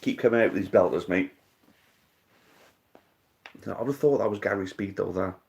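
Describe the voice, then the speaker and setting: A man with a very low voice runs a live online quiz and chats loosely with the players. He thinks out loud, curses lightly, and keeps calling everyone mate. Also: moderate pace, vocal fry. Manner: thinks aloud, swears casually, calls people mate. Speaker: live-stream quiz host. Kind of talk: casual live-stream chat.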